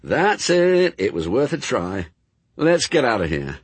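A man's voice: mid-range voice, huge pitch swings, unhurried, slightly rough, no room sound, voice pushed up, exaggerated voice. Crowley, a man doing a snappish demon. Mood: sardonic. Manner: snappy, sarcastic. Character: snappish, sardonic male demon. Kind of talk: audiobook character voice.

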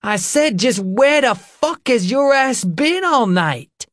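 A man's voice: extremely high pitch, lively intonation, takes it slowly, a bit bright, no room sound, clean studio sound, voice pushed up, heavily acted. A male narrator voicing a furious heavyset woman who shrieks crude accusations at her man in an audiobook. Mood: furious shrieking.

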